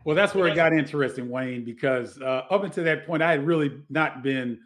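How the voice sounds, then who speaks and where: A man's voice: a little high, brisk, a bit bright. A middle-aged man, a former basketball player, telling stories in a casual interview with many restarts.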